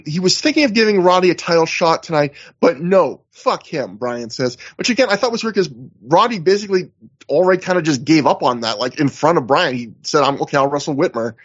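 A man's voice: on the high side, slightly rough, dull audio. A man co-hosting a podcast, chatting casually as he recaps in detail with lots of fillers. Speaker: podcast co-host.

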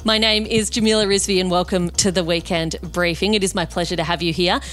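A woman's voice: lowish voice, steady tone, fast, a bit bright, faint music behind. A woman hosting a podcast, upbeat and playful, moving from a scripted intro into an interview. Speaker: podcast host.

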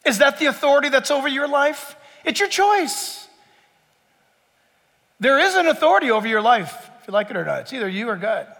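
In a church sanctuary full of long echo, a man preaching to his flock talks a little fast in a sharp, commanding, very high-pitched voice. His sermon is animated, hopping from direct teaching to performed bits of imagined dialogue voiced as his listeners.

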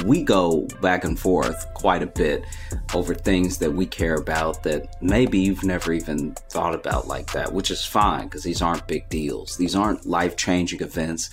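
A man co-hosting a podcast, joking and chatting in a laid-back way. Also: low-pitched. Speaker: podcast co-host. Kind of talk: casual podcast chat.

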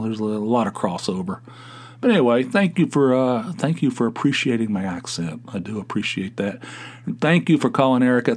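Middle-aged Appalachian man hosting his own show; loose, halting talk full of restarts. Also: on the low side, darkish tone. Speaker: podcast host. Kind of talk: casual solo podcast monologue.

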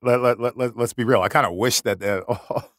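A man interviewing on location, excitable and tripping over his words. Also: medium pitch, brisk, no room sound, studio quality. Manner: excitable, stumbling restarts. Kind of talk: casual on-location chat.

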